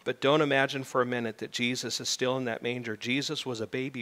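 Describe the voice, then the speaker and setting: Animated middle-aged male preacher, bright. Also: mid-range voice, fairly quick. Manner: animated preaching, rising to loud emphatic peaks. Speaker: pastor. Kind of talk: sermon. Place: church sanctuary. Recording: reverberant church hall.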